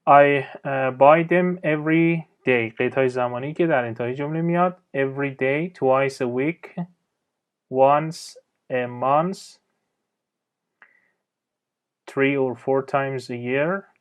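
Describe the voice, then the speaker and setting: Male English teacher, Persian accent, native Persian speaker. Mid-range voice, hesitant, lots of fillers, slow careful examples. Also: mid-range voice, clean tone, dull audio. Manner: hesitant, frequent uh fillers and restarts; switches between slow English and quick Persian explanations. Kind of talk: recorded language lesson.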